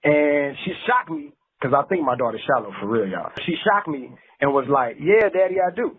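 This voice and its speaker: A man's voice: mid-range voice, animated, normal speed, husky. A man hosting a radio talk show, speaking in a laid-back storytelling way and talking straight to his listeners. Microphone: phone call. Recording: tinny phone line.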